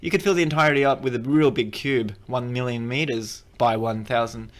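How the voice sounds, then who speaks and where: This gaming creator's tutorial wanders casually, full of jokes and self-corrections as he plays along. His voice is mid-range and fairly bright, steady in tone, and his pace is brisk.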